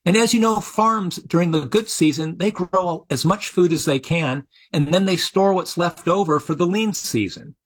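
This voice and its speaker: A man's voice: high-pitched, normal speed, few pauses, slightly rough. A middle-aged man, a biology professor, giving interview answers in an explanatory way with frequent restarts.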